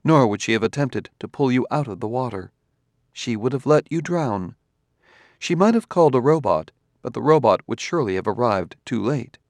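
Cast a male actor as an unflappable robot detective, formal and measured, mid-pitched, dry close sound. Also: lively intonation, darkish tone, dry recording, natural voice. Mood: relentless. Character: calm, precise male humanoid robot detective. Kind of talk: audiobook character reading.

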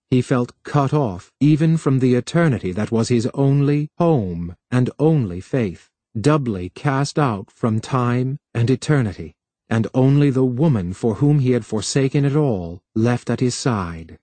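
A man narrating an audiobook with measured, even storytelling. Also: mid-range voice, no echo.

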